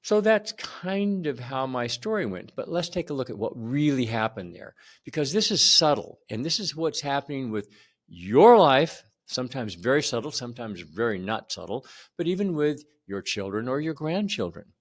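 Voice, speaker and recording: A man's voice: mid-range voice, moderate pace. Older guy in his 70s telling a story to the camera, voice goes up and down a lot. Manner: animated, conversational, repeats words for emphasis. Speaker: channel host.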